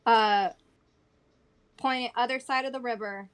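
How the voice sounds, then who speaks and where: Animated woman player chatting. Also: on the high side, takes it slowly, smooth. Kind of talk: casual tabletop gaming chat.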